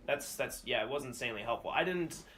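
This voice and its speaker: Co-host, man, young adult, bright tone, laid-back and a little halting. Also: mid-range voice, animated, a little hiss or hum. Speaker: podcast co-host. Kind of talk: casual podcast chat.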